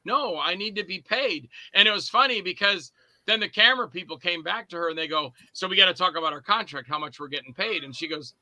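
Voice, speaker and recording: Talking fast, a podcast guest who makes indie films and acts rambles casually through anecdotes, performing all the parts himself. His voice is high, sharp and bright, and the recording is dry and close with no surrounding room.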